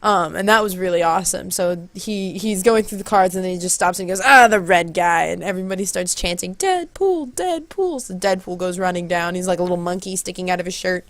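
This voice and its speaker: A woman's voice: fast, hardly any pauses, no room sound. A woman telling a long story casually on her vlog, rambling and acting out quotes, speaking into a close handheld mic. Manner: rambling, animated, acts out quotes in high voices. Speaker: vlogger. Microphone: handheld corded mic held close.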